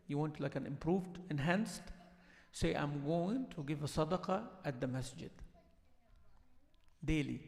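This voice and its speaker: Earnest imam with gravelly voice, echoing hall. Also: male voice, a little high. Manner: earnest and instructive, repeating points and asking the room for agreement. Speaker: imam giving a talk. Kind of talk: mosque talk to the congregation. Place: mosque hall.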